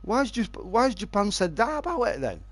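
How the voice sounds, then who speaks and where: A man's voice: sits high, huge pitch swings, moderate pace, fairly bright tone, no room sound. A man streaming a fishing game live, chatting and joking with his viewers and answering their messages.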